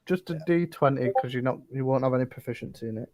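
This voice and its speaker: A game master narrating a tabletop game, halting and heavy on fillers. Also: medium pitch, mellow, dry recording.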